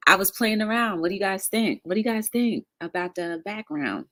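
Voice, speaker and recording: A woman hosting a casual livestream talk show, greeting viewers by name with bright excitement and talking reflectively in between. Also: medium pitch, normal speed, few pauses.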